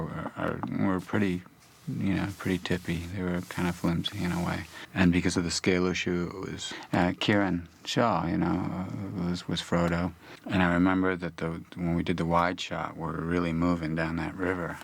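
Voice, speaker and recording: A man's voice: low voice, little pitch movement, normal speed, vocal fry, slightly rough. A man in a documentary interview, telling a self-mocking story about a shoot and laughing often. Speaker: actor recalling a shoot. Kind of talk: casual interview anecdote.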